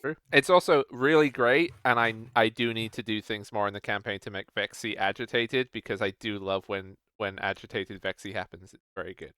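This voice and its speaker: A man's voice: fairly low pitch, fairly quick, few pauses, pushed and bright, clear, resonant tone, no echo. A man hosting a tabletop game online, introducing the players with playful banter. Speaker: game master. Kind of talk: casual chat introducing players.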